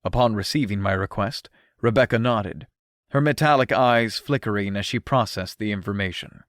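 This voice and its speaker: A man narrating an audiobook in an expressive first-person storytelling manner, recorded on a close studio mic. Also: lowish voice, moderate pace, no echo.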